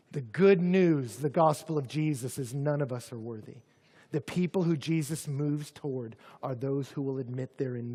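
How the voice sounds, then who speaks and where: A man preaching a sermon to students, dropping to soft, close asides and then rising to loud, shouted emphasis. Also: on the high side, long reverb tail. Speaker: campus ministry pastor.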